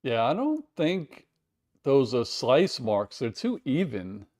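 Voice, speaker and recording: A man's voice: medium pitch, wildly swooping pitch, takes it slowly, darkish tone. Casual man chatting on a livestream. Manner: chatty, reads out chat messages, reacts with surprise. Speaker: livestream host. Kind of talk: casual live watch-along chat.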